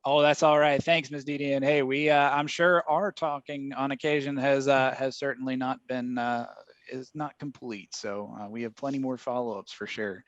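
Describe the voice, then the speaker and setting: A man's voice: mid-range voice, fairly even intonation, moderate pace, dry recording. A man, presenting a webinar in a casual, chatty way with lots of fillers and laughs. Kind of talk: casual chat. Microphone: video call microphone. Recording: dry, muffled video call audio.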